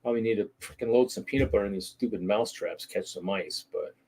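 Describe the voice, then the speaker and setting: A man's voice: fairly low pitch, quick pace, a little mellow, breathy edge. A middle-aged man hosting a weekly hobby talk show, chatting casually in a loose, rambling way and often restarting his sentences. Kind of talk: casual livestream chat.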